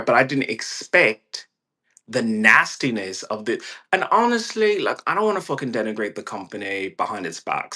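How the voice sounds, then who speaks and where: A man in a casual home vlog, ranting with lots of swearing and acting out quoted voices. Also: medium pitch. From California. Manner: profane, rambling, animated quoted voices. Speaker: vlogger. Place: indoors at home with a puppy.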